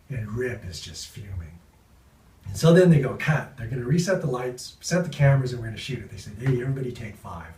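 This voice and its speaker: A man in an interview, telling stories from a film set with lively energy and acting out the people he quotes. His voice sits at an ordinary pitch. It sounds a bit distant, in a reverberant room. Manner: animated, acts out quoted voices. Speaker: actor interviewed. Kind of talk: anecdotal storytelling. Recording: roomy sound from off-mic.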